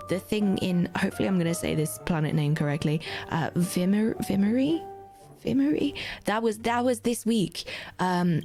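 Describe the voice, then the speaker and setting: Husky-voiced sick woman, gravelly. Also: medium pitch. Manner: chatty, with frequent ums. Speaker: guest player and streamer. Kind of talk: casual self-introduction.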